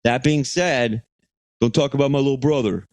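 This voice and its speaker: A man co-hosting a podcast, telling a long profane story in a rambling, animated way, acting out the quotes. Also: medium pitch, normal speed. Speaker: podcast co-host. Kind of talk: casual storytelling chat.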